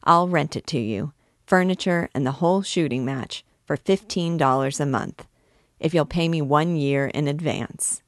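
A woman's voice: low voice, moderate pace, dry recording, studio quality, lightly acted. A woman voicing a shifty small-town male swindler who talks in a confidential, wheedling way.

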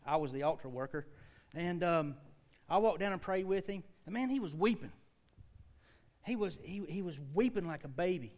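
A man in his forties with a Southern US accent, preaching a sermon and telling folksy stories with loud bursts and asides to the congregation. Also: high voice, animated, moderate pace, pauses often. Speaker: pastor.

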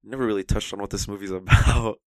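A man's voice: fairly low pitch, steady tone, quick pace, dry recording. A young man casually chatting about movies on a podcast, enthusiastic and rambling. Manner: enthusiastic, rambling, quotes scenes in put-on voices. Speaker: podcast co-host.

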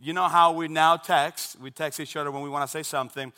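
Brief: Dominican-accented male preacher, slightly high voice, lively storyteller, booming hall reverb. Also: brisk, clean tone. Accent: Dominican Spanish. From Dominican Republic. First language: Spanish. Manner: animated storytelling with shouted imitations. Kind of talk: sermon. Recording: long reverb of a large hall.

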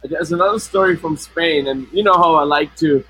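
A man's voice: on the high side, brisk, sharp tone, husky, rough recording. A man co-hosting a casual live stream, talking with many stops and restarts, his voice run through a flanger effect. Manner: hesitant, many restarts and fillers. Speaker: co-host. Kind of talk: casual chat.

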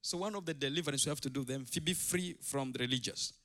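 A man preaching a sermon in a church, impassioned and at times shouting. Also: mid-range voice, fast.

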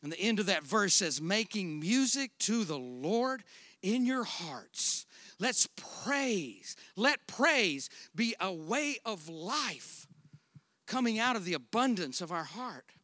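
A man preaching a sermon, swinging between loud, drawn-out emphatic declarations and quiet, conversational storytelling. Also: high voice, big pitch swings, no echo, studio quality. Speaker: pastor.

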